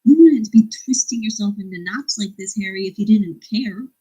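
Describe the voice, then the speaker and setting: A woman reading aloud the lines of a gentle older man giving earnest counsel, in a husky, breathy voice. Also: medium pitch, moderate pace, lightly acted, low-quality recording.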